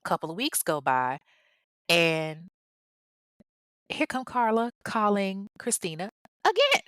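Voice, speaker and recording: A woman tells a true crime story in a loose, chatty way, wandering off on tangents and swearing now and then. Her voice sits at an ordinary middle pitch. The sound is dry and close, with no room echo. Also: slow pace, smooth. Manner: animated and chatty, acts out the people she quotes; goes off on tangents, swears casually.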